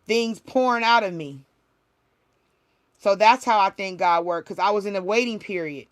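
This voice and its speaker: A woman's voice: mid-range voice, normal speed. Woman sharing a heartfelt spiritual testimony. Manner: emotional, repetitive, heartfelt storytelling with many restarts. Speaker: spiritual reader, livestream host. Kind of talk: casual livestream testimony.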